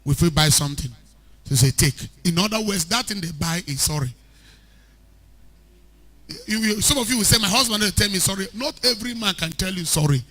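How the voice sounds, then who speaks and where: A man preaching an animated sermon as a pastor, rising to shouts at times. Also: high voice, fairly quick, long pauses. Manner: animated preaching, shouting at peaks, mixing in Pidgin.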